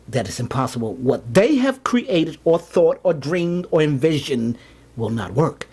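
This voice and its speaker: A card trick performer and vlogger delivers a rambling motivational monologue in a voice on the high side, a little mellow with a breathy edge. He repeats himself often and drives his points home emphatically.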